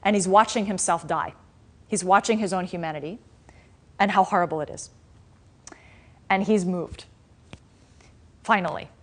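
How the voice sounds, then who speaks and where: A woman spiritual teacher giving a dharma class, retelling a story in a conversational, animated way with frequent restarts. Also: fairly low pitch, normal speed, long pauses. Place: class in a meditation center.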